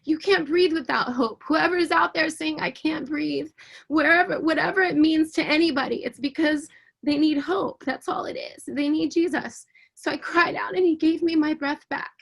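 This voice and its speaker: Here a woman tells the story of her faith during an interview, her high-pitched, gravelly voice fervent and earnest. She halts often, says words twice, and begins her sentences again.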